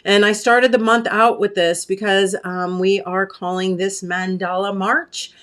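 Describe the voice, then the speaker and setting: A woman from the US runs a laid-back live craft stream, talking with viewers and reading their comments in a chatty, warm, filler-heavy way. Her medium-pitched voice is clear and resonant but flat and a little slow, with a catch that makes her clear her throat frequently.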